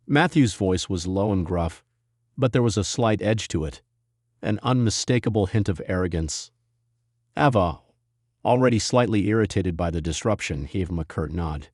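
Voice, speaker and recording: Deep-voiced male story narrator. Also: expressive, normal speed, darkish tone, no room sound, studio quality.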